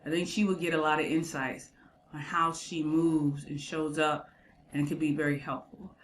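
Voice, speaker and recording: A woman's voice: low-pitched, little pitch movement, normal speed, slight background noise. A woman hosting a casual reaction commentary, chatty and emphatic with slangy asides. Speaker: host reacting to a clip.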